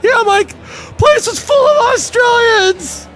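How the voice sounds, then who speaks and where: A man voicing an excitable male floor worker who shouts in a squeaky falsetto. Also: slow pace, faint music behind, full character voice. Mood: excited.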